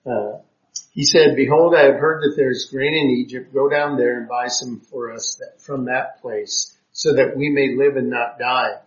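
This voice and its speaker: A man's voice: medium pitch, fairly even intonation, moderate pace. A man teaching a Bible class, reading verses aloud and explaining them with frequent hesitations. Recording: roomy, dull lo-fi classroom recording.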